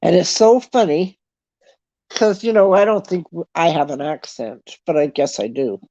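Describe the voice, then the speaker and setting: A woman's voice: fairly low pitch, moderate pace, mellow, no echo. Canadian woman, middle-aged, casual livestream host, dry close sound, slightly dull. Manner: chatty storytelling, laughs often. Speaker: livestream host chatting with viewers. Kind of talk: casual chat.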